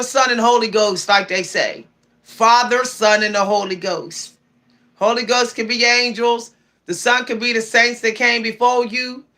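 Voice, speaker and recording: A woman's voice: on the high side, sharp tone. A woman giving spiritual advice on her livestream, preachy and emphatic, often repeating key phrases. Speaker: spiritual streamer.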